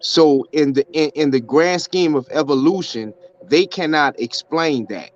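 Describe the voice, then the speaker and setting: A man's voice: on the high side, unhurried. A man on a live online panel, arguing for his faith in a preachy way and restarting his sentences often. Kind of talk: religious debate on a live panel. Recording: dull lo-fi call audio.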